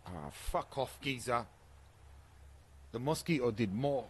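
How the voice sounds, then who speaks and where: A man's voice: mid-range voice, expressive, slow pace, slight background noise. A man, streaming a football game and cursing at his teammates in frustrated trash talk. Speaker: gaming streamer. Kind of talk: live gameplay commentary.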